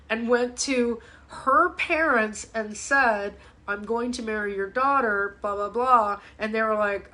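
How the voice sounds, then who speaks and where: A woman's voice: mid-range voice, a little slow, bright, forceful tone. Middle-aged fitness lady rambling on a live stream, talks to her viewers, swears a bit, easygoing. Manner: chatty, swears casually, reacts to viewer comments. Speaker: fitness coach and live show host. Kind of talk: casual live-stream chat. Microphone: device mic, live stream.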